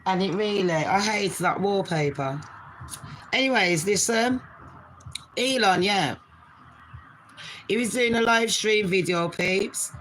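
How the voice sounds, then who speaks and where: A British woman in her forties rattles off a live-stream chat from her bedroom, quick and profane. She calls her viewers babes and jumps from topic to topic. A faint hum of noise sits under her mid-pitched voice. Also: fairly bright tone, rough recording. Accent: British English. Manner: fast, sweary, chatty, addresses viewers as babes.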